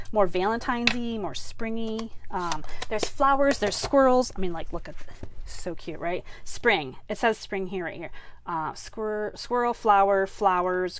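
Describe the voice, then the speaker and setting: Chatty woman teaching a craft class. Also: medium pitch. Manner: chatty, rambling, many fillers and restarts. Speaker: card-making instructor. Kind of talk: casual craft tutorial.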